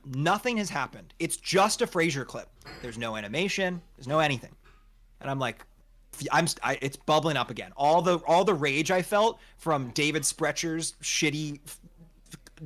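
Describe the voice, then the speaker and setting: A young man telling a story on a podcast with friends, exasperated and swearing, acting out what people said. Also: fairly high pitch. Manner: animated, exasperated, swears a lot, acts out quotes. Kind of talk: casual storytelling chat.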